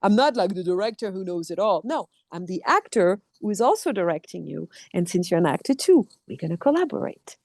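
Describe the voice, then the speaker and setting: Woman, expressive storyteller, conversational interview, dry sound. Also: fairly low pitch, a little fast, few pauses, no echo. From France. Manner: animated storyteller acting out quotes, restarts often. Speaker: actor and dub producer. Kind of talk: casual interview chat.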